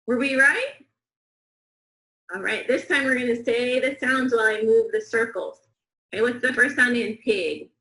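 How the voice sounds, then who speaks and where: A woman teaching young students a phonics lesson, slow, clear and encouraging, with call-and-response counting. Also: on the high side, animated, bright, forceful tone, echoey room, rough recording.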